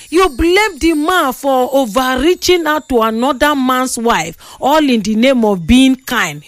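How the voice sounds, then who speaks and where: A high-voiced Nigerian woman hosts a lively talk show, teasing and exclaiming as she reads out listener comments. Her voice sits dry and close, with no room sound. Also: unhurried, few pauses, dry recording. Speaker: radio call-in host reading listener comments.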